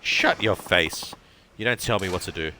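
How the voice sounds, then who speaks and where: A man's voice: low voice, normal speed, sharp tone, slight background noise. A man reading aloud as a drunk, folksy, boastful middle-aged former ballplayer. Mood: belligerent.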